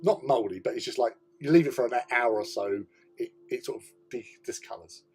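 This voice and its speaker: A man's voice: medium pitch, a little fast, a little mellow. A middle-aged British man hosting a hobby chat, telling a rambling story, laughing often and swearing casually. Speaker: hobby channel host.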